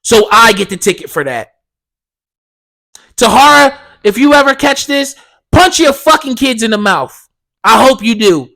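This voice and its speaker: A young man hosts his own podcast and rants hard, cursing all the way through. His voice sits high for a man and comes out bright and sharp, with a fired-up, profane edge. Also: expressive, unhurried, vocal fry, long pauses. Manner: profane, heated ranting. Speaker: podcast host. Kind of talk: solo podcast rant.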